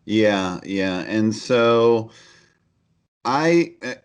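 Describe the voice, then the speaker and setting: A man's voice: lowish voice, animated, extremely slow, clean tone. A middle-aged man speaking as a podcast guest, telling his personal story in an earnest, candid way, with many fillers and restarts. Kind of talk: conversational storytelling.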